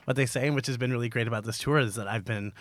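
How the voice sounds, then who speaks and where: A man's voice: medium pitch, quick pace, dry recording. A man, a drag performer, chatting playfully as a podcast guest and laughing often. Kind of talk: casual interview chat.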